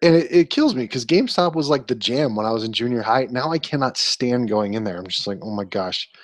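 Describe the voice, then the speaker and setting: A man's voice: medium pitch, lively intonation, a little fast, dry recording. A man in his twenties co-hosting a casual podcast, telling annoyed stories with an exasperated, ranting manner. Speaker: podcast co-host.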